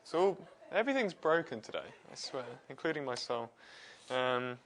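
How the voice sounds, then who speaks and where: A man's voice: mid-range voice, very animated, moderate pace. A man presenting a science livestream on a wireless mic, chatting casually, self-deprecating and laughing often. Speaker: presenter and physicist.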